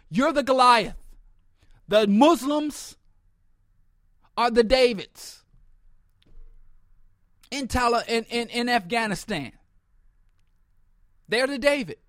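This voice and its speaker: A man's voice: very high voice, a bit bright, no echo, studio quality. A man hosting a podcast, delivering a blunt, sardonic political commentary monologue and often stumbling and repeating words. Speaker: podcast host.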